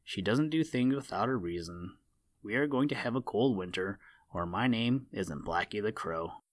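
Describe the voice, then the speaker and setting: A man's voice: on the low side, expressive, moderate pace, close to an everyday voice. A man voicing a shrewd, self-assured male crow in a storybook reading, with a slightly raised, sly delivery. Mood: knowing.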